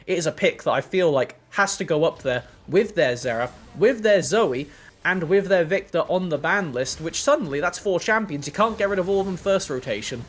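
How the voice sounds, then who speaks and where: A man commentating an esports match, breaking down plays in an analytical, lively way and leading a post-game interview. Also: on the high side, normal speed. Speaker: esports caster.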